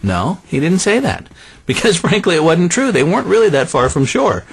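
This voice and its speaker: Brief: conversational male preacher; animated delivery that drops soft on key phrases. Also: sits high, normal speed, gravelly, husky. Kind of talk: sermon.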